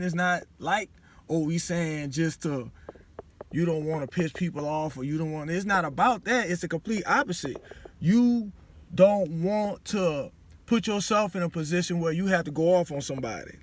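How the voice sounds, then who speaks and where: With his fairly high-pitched voice and New Orleans accent, this forties-aged vlogger gives offhand life advice straight to a phone camera. His talk is loose and chatty, full of "you know what I'm saying," over a slight hiss or hum.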